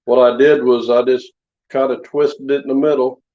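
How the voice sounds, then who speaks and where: A man's voice: mid-range voice, little pitch movement, normal speed. A man chatting casually in his home workshop, showing knives he forged, in a rambling, down-to-earth way. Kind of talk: casual show-and-tell chat. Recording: slightly dull lo-fi sound.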